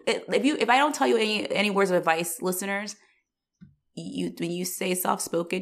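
A woman co-hosting a podcast, chatting casually about a movie in an expressive, jokey way, with swearing. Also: medium pitch, moderate pace, creaky. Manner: expressive, jokey, swearing, with shouted quoted asides. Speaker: podcast co-host reviewing a movie. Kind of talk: casual chat.

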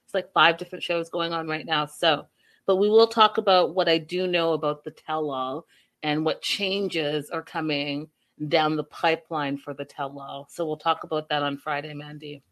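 Woman, casual recap host, sassy, animated, reads viewer comments. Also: deep voice, normal speed. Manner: animated, acts out quotes with sassy asides.

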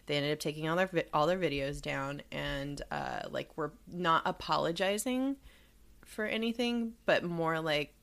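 Low-voiced indignant young woman. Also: normal speed, creaky, a bit bright. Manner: indignant, profane, many fillers. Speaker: podcast co-host. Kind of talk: casual chat.

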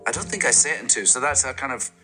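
A man's voice: mid-range voice, lively intonation, rapid-fire, over loud music. A man being interviewed as an actor, telling playful anecdotes and joking about himself in a casual chat. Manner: anecdotal, playful, self-deprecating.

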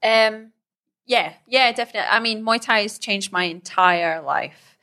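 A woman's voice: medium pitch, a little slow, bright, forceful tone. A young woman, a Muay Thai fighter, chatting casually in an interview, laughing often and using lots of fillers.

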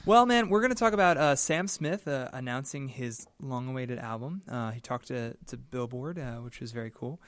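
A man co-hosting a music podcast in relaxed casual chat, often calling his partner "man". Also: medium pitch, moderate pace, hardly any pauses. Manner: laid-back, says "man" often. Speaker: podcast co-host.

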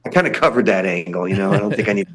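A man's voice: lowish voice, lively intonation, very fast, fairly bright tone. An older man, a punk singer, chatting casually as a guest, rambling with many restarts. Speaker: lead singer of a punk band, podcast guest. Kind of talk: casual interview chat.

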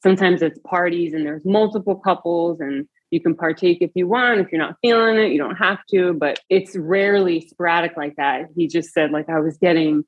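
A woman's voice: on the low side, a little fast, hardly any pauses, phone-quality sound. A woman calling in to a podcast, telling a story and acting out the quotes in raised voices. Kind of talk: casual storytelling.

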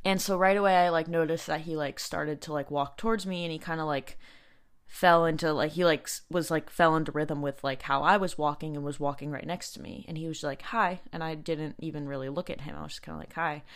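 Chatty young woman, lowish voice. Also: fairly even intonation, clean tone. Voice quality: heavy use of filler "like", halting restarts. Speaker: podcast host. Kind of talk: casual storytelling.

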